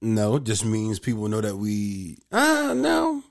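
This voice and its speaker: A man co-hosting a podcast in casual, profane chat, speaking with a slight lisp. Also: lowish voice. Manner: profane, animated, quick to joke. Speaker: podcast co-host.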